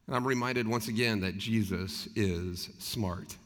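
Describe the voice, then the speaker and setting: A man's voice: lowish voice, measured pace, few pauses. A male pastor preaching a sermon, speaking earnestly and conversationally and asking his listeners rhetorical questions. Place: church sanctuary. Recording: long reverb of a large hall.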